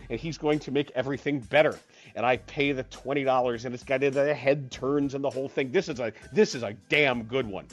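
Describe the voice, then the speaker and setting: A husky, slightly breathy storyteller whose pitch swings widely as they rant. They tell the story with comic exasperation and act out every voice in it. Faint music plays behind them.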